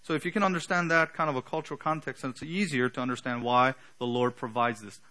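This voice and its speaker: A man preaching an earnest sermon, teaching with emphatic pauses and the odd filler. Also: mid-range voice, fairly even intonation, bright, forceful tone. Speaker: pastor.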